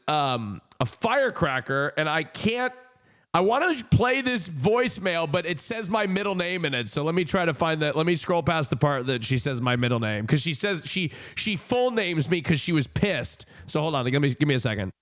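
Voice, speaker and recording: A man's voice: on the high side, expressive, normal speed, a bit bright. A man in his thirties telling a personal story on a stream. He rambles with many fillers, laughs and swears. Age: 30s.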